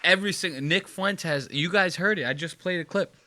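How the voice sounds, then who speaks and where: A man's voice: on the high side, normal speed, noisy background. A man co-hosting a casual podcast, ranting with swearing and mock quotes, of Puerto Rican background. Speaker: podcast co-host.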